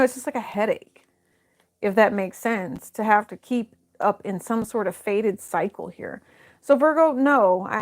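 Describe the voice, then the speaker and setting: Casual woman tarot reader at an ordinary mid pitch, thinking out loud and hedging as she turns cards. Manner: thinks aloud, hesitant, many fillers and restarts. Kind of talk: casual tarot reading to camera.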